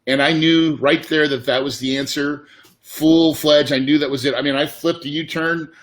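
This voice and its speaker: A man's voice: on the high side, steady tone, moderate pace, fairly bright tone. A middle-aged man, a real estate investor, telling a candid personal story in a casual, emotional way. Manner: casual, emotional, says dude and man often.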